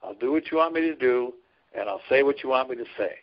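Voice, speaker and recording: A man's voice: mid-range voice, lively intonation, quick pace. A man who serves as a trucker chaplain and ministry leader, telling stories in a casual interview in an earnest, folksy way and laughing often. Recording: dull lo-fi recording.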